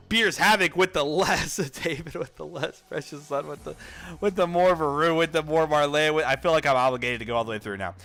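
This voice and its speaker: A man hosting a trading livestream in casual chat, reading out viewer names rapidly with excited outbursts and running out of breath. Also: a little high.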